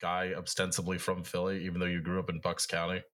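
A man's voice: deep voice, monotone, quick pace, a bit bright. A man co-hosting a podcast, chatting casually with teasing, wry remarks and frequent laughs. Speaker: podcast co-host. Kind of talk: casual chat.

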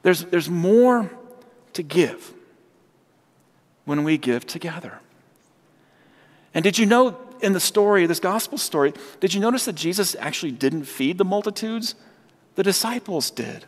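A man's voice: high-pitched, lively intonation, a little slow, pauses often. A man preaching a sermon, telling stories and acting out the voices of the people in them. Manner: storytelling, acts out quoted voices. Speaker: pastor. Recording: long hall reverb.

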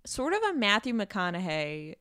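Smooth-voiced young woman, animated storyteller. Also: mid-range voice, normal speed, dry recording, studio quality. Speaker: podcast host. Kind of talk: casual chat.

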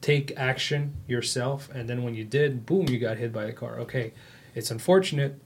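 A man's voice: medium pitch, normal speed, husky. A man co-hosting a podcast, explaining a point in an emphatic, casual way.

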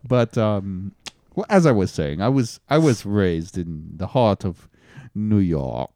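This is a smug, newly rich snob, played by a man, in a comedy podcast sketch. He drawls slowly with put-on posh vowels, and his pitch swoops wildly through a gravelly, creaky voice. The sound is dry and close. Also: very animated, warm tone, dry recording. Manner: drawling, affected posh delivery with half-British vowels.

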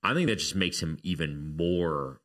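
Deep voiced guy in a casual faith chat, earnest and thoughtful. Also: expressive, normal speed, fairly bright tone. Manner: earnest, reflective arguing.

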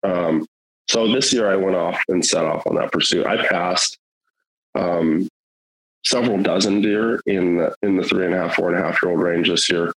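A man's voice: sits low, moderate pace, husky, low-quality recording. A middle-aged man telling a hunting story in casual, rambling, earnest talk, with many fillers and restarts.

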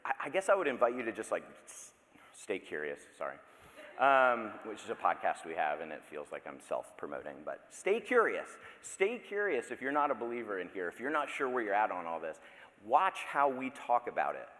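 A man's voice: fairly low pitch, big pitch swings, brisk, a bit bright. A man in his thirties preaching a sermon in a church, speaking conversationally with playful asides and self-interruptions. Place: church sanctuary. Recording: long reverb of a large hall.

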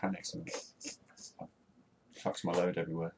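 Rambling British man with a low voice. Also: monotone, moderate pace, gravelly, darkish tone, husky. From Britain. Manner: rambling, self-mocking, lots of restarts and laughter. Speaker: podcast co-host. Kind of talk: casual banter.

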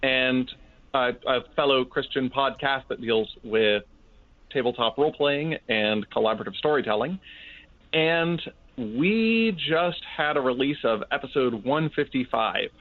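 A man's voice: medium pitch, expressive, a little slow, no echo. A man chatting enthusiastically as a podcast co-host, joking in geeky banter. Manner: enthusiastic, jokey geek banter. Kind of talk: casual podcast chat. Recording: tinny phone-like line, dry.

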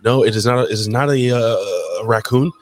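A man hosting a live podcast, reading out chat shout-outs in a loose, crude showman style. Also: on the low side, fairly quick, faint music behind. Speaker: podcast host. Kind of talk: casual live podcast banter.

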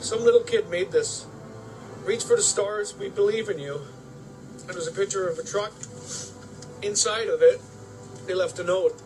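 A man's voice: sits high, normal speed, pauses often, over music, poor audio. A man in a casual video message, emotional and choked up as he reads aloud a child's note.

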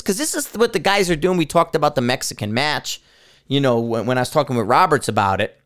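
A man hosting a podcast, telling a rambling, excited shooting story and swearing freely. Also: on the high side, quick pace, clear, resonant tone. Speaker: podcast host. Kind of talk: casual talk about shooting.

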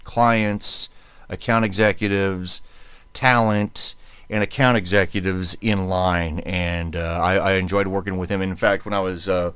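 Man, podcast host, casual rambling chat, lots of fillers, lowish voice, dry sound. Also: level tone, measured pace, fairly bright tone, clear, resonant tone, no room sound. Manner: rambling storyteller with many fillers, mimics voices. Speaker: podcast host, former radio worker.

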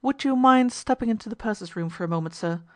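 A woman's voice: fairly high pitch, lively intonation, fast, darkish tone, no echo, natural voice. A polite, attentive ship's steward, as a woman reads him, eager to help and calling everyone sir. The sound is dry and close.

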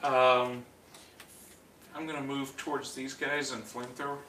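A man's voice: mid-range voice, little pitch movement, measured pace, reverberant, recorded from a distance, background noise. A man playing a tabletop game, joking and talking through his moves. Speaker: player. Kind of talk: casual tabletop game session.

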